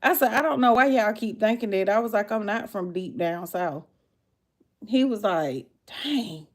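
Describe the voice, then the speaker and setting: A woman's voice: mid-range voice, lively intonation, normal speed. A woman with a Southern US accent, chatting casually on a livestream and answering viewers' comments. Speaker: livestream host.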